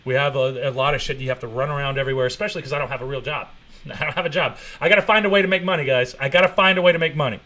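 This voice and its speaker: A man live-streaming a reaction commentary, swearing freely and mocking, with sudden loud outbursts. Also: mid-range voice, very fast.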